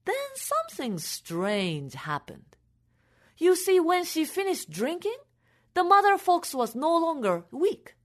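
A woman telling a folk tale for families in an expressive, animated way. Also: extremely high pitch, slow. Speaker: storyteller.

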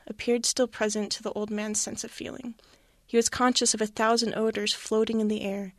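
A woman reading a classic story aloud in an expressive, dramatic way. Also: medium pitch, no echo.

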